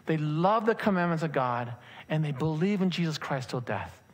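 Animated man preaching a sermon. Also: fairly high pitch, normal speed. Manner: animated preaching with rhetorical questions to the congregation. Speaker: pastor. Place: church sanctuary.

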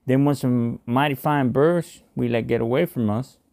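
A man's voice: mid-range voice, normal speed, vocal fry, darkish tone, pitched above the performer's own voice, close to an everyday voice. A man doing a drawling Southern hunting buddy. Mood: rueful. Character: rough Southern male hunting companion.

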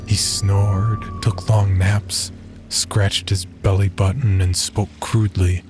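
Brief: low-pitched male narrator, steady storytelling, faint music underneath. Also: slow. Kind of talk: scripted horror narration.

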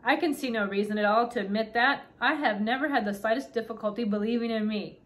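A prim, self-important miniature king, read aloud by a woman, dry and formal in every word. The voice sits a little high, and each line comes out measured and superior. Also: close to an everyday voice. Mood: haughty. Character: fussy, haughty tiny doll-sized king, male.

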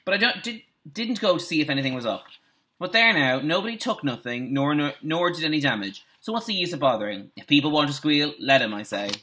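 A cranky old caretaker, deaf as a post, who bellows and grumbles at the children in a bright, lively voice, as a teacher puts him on while reading a storybook aloud. He scoffs at everything. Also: a little high, brisk, slight background noise. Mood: grumbling. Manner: shouting, scornful and grumbling.

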